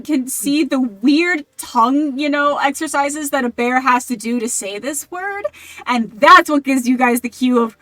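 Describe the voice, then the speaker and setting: A woman's voice: high voice, pushed and bright, dry recording. A woman running a tabletop game as game master, rambling with many restarts.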